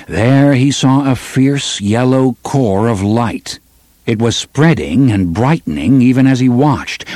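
A man reading a gritty novel aloud in steady, measured audiobook narration. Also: mid-range voice, no echo. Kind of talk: scripted narration.

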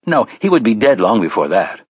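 Male audiobook narrator, mid-range husky voice, measured delivery, dry and slightly muffled recording. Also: fairly low pitch, big pitch swings, dry recording. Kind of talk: scripted narration.

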